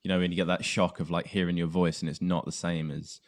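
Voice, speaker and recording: A man's voice: low voice, little pitch movement, fast talker. A man with a southern English accent hosting a podcast in casual chat, laughing often. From south of England. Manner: laughs often, puts on silly voices. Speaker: podcast host.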